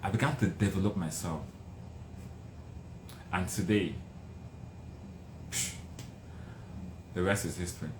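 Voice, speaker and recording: A man's voice: low-pitched, normal speed, long pauses. A middle-aged man with a Nigerian accent, telling his life story emphatically as a motivational speaker. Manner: emphatic, animated, dramatic repetitions. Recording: roomy with faint noise.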